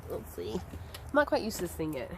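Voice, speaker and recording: A woman's voice: fairly low pitch, sing-song, moderate pace, background noise. Chatty woman by a chicken coop. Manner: chatty, rambling with many ums. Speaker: homestead vlogger. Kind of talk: casual chat to camera.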